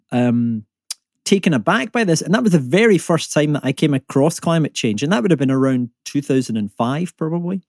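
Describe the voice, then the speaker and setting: A climate economist who also does comedy, this thirty-something Scot is an animated podcast guest whose casual, self-deprecating talk is full of fillers and restarts. His slightly high voice has a darkish tone and moves at a moderate pace, with clean studio sound and no echo.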